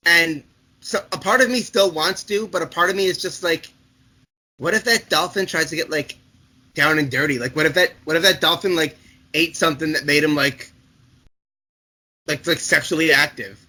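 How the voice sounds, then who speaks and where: A young man co-hosting a casual chat show, talking in halting, rambling bursts full of restarts and fillers. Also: a little high, sharp tone. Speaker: podcast co-host.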